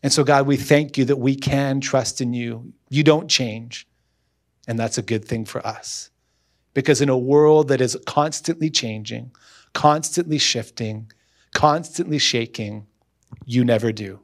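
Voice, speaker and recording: A man's voice: medium pitch, unhurried. A man as a guest pastor, preaching earnestly with repeated emphatic phrases, then leading a closing prayer.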